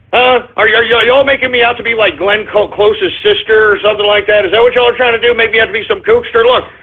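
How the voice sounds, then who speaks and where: Cussing radio host guy, high husky voice, exasperated, sounds like it's over a phone. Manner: profane, exasperated ranting. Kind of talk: talk radio hosting, taking voicemails. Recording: tinny phone-like line.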